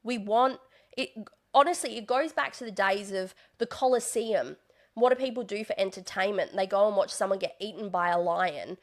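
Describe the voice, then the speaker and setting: A young woman in casual interview chat, chatty and animated, slipping into exaggerated voices when she quotes people. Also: mid-range voice, moderate pace. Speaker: podcast guest, reality TV contestant and stand-up comedian.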